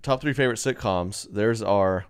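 A man's voice: on the low side, moderate pace, smooth. A young man co-hosting a casual podcast, joking and laughing often. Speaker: podcast co-host. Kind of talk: casual chat.

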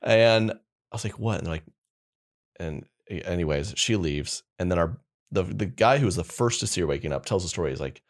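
A young man with a very low, deep voice tells a story on a podcast. He rambles loosely and casually, with plenty of fillers along the way. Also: animated, a little fast. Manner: laid-back rambling storyteller. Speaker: podcast co-host. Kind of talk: casual chat.

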